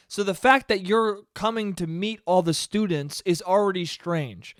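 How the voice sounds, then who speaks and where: High-voiced, profane ranting man. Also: dry recording, clean studio sound. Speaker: podcast host. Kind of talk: solo comedic podcast monologue.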